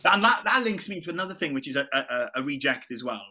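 A man's voice: on the high side, sing-song, quick pace, pushed and bright, slightly rough. A man telling stories in a casual chat as a podcast co-host. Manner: chatty storyteller, says mate often.

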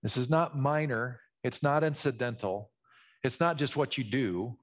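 A male pastor gives a lively teaching sermon in a mid-range voice, explaining the text and acting out its characters. He moves between relaxed explanation and dramatic read-aloud. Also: medium pitch, unhurried. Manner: animated, teacherly, acts out voices in the story.

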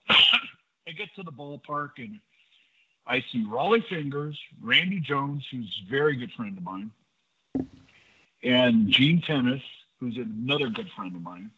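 An older man and former pitcher, a guest in an interview, telling anecdotes in a lively way and acting out the dialogue. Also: measured pace, pauses often, breathy edge. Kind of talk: storytelling in a casual interview. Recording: dull lo-fi audio.

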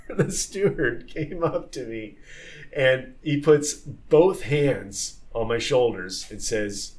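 A man who sailed on tall ships, telling stories in a casual podcast conversation, lively and full of fillers and restarts. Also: mid-range voice, slow pace. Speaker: former tall ship sailor.

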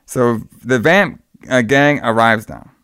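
A man's voice: medium pitch, takes it slowly, a bit bright, clean tone, dry recording, studio quality. A man in casual chat, rambling through a film plot scene by scene. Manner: rambling retelling with acted-out quotes. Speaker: podcast co-host recapping a film.

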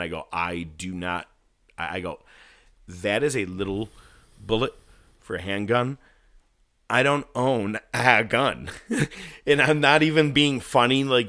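A man casually telling a story, animated, swearing and laughing at his own misfortune. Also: low-pitched. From California.

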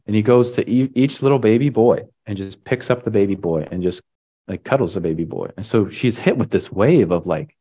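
A man's voice: deep voice, a little mellow. A man preaching a sermon, retelling a story in a casual way with lots of "like" and "right?". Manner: casual, filler-heavy retelling with frequent "like" and "right?".

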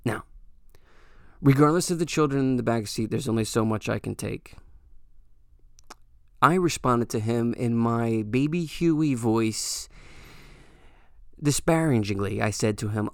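Young male podcast host, gravelly voice, rambling profane storytelling, dry close sound. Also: medium pitch, unhurried, long pauses, no room sound. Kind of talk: storytelling monologue.

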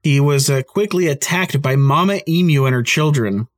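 A man's voice: fairly high pitch, normal speed. A man hosting a podcast, telling a story in a casual, rambling way and laughing often. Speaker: podcast host.

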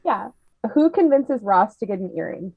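A woman's voice: mid-range voice, lively intonation, normal speed, husky, no room sound. Giggly woman podcast host, dull dry mic. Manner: chatty, giggly, quizzing. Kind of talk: casual chat.

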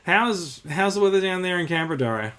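A man's voice: high voice, expressive, brisk, fairly bright tone, clean tone. A man with an Australian accent hosting a podcast in an upbeat, casual chat full of fillers. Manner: chatty and upbeat, with many fillers. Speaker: podcast host.

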